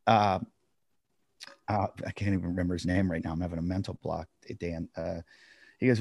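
A man's voice: lowish voice, steady tone, brisk, a little mellow, no room sound, studio quality. A middle-aged man, a comedian, casually telling a long story on a podcast and acting out the quotes.

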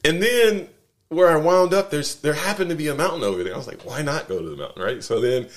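A man's voice: fairly high pitch, lively intonation, fast. A man casually telling a rambling travel story, full of fillers, restarts and tag questions.

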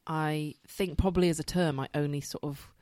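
A woman co-hosting a casual podcast, who thinks aloud and fills her pauses with hesitations. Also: deep voice, steady tone, darkish tone. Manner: thoughtful and hesitant, full of fillers. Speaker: podcast co-host, social worker. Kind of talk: casual chat among friends.

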